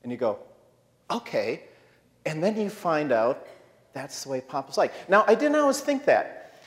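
A man with a somewhat high, very lively voice preaches in a church, wandering through a story and poking fun at himself. He acts out the lines of the people in his tale. A long reverb hangs on his words from the hall. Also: moderate pace. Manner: rambling, self-mocking, acts out quotes. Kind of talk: storytelling sermon.

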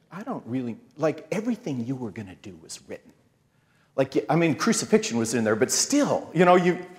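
A man telling a rambling, self-mocking story as a sermon, acting out the quotes in his story. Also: a little high. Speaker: preacher. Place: church hall with audience. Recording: long hall reverb.

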